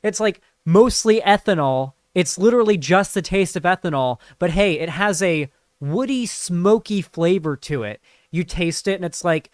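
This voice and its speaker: A man's voice: sits high, animated, moderate pace, few pauses, no echo, studio quality. A man giving casual live-stream commentary, rambling and profane, with lots of fillers.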